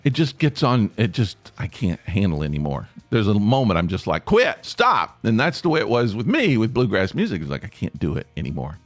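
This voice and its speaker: A very animated East Tennessee podcast host talks fairly quickly with few pauses in his solo show, rambling self-deprecatingly in his native accent and asking listeners for feedback. His voice is on the low side, and the recording is dry.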